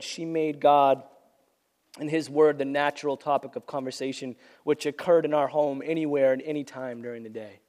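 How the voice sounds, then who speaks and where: A man preaches a sermon in a slightly high, slightly mellow voice, earnestly repeating phrases for emphasis. He's losing his voice to a cold, and the recording carries a large hall's long reverb.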